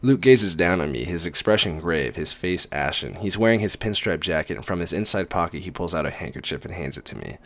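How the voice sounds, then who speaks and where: Deep-voiced sarcastic man reading aloud. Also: animated, fairly quick, hardly any pauses, fairly bright tone, dry recording. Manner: sarcastic, profane. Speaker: reader. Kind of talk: dramatic book reading with sarcastic asides.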